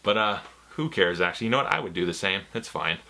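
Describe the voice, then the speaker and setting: A young man rambling excitedly and swearing freely in a casual movie review vlog. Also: sits low, fast talker, gravelly.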